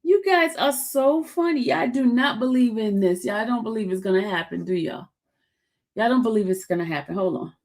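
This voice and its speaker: A woman's voice: a little high, normal speed, a little mellow. A woman hosting a casual live stream, teasing her chat and laughing often. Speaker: livestream host.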